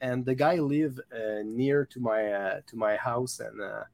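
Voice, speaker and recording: A man's voice: medium pitch, creaky. French Canadian man hosting a podcast. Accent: Québécois French. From Quebec, Canada. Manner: eager, halting English with frequent pauses. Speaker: podcast host. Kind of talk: casual podcast interview.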